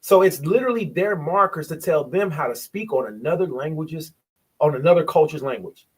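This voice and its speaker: High-voiced man preaching emphatically. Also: brisk, breathy edge. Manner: emphatic, animated, rhetorical questions. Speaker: bible study speaker. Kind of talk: casual preaching in group call.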